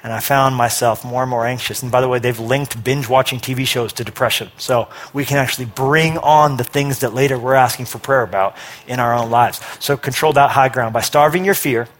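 A middle-aged man preaching a sermon, energetic, rising to forceful emphasis with quick asides. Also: medium pitch. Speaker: pastor.

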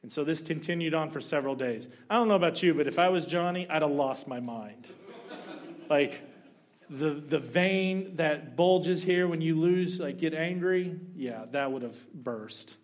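Animated male preacher telling stories. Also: on the high side, a little slow. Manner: conversational, animated storytelling. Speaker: pastor. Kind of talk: sermon.

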